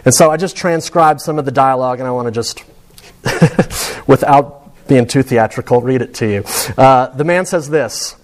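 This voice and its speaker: A man's voice: mid-range voice, moderate pace. A man giving a sermon to students in a conversational, storytelling way. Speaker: preacher.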